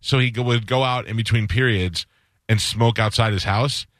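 A man's voice: lowish voice, moderate pace, a bit bright, dry recording, clean studio sound. A man hosting a radio show, chatting casually and telling rambling stories, acting out the voices of the people he quotes.

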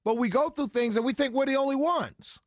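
A man's voice: very high voice, brisk, no room sound. A man hosting a talk radio show, talking in an emphatic, rambling way straight to his listeners on a studio mic. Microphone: studio broadcast mic.

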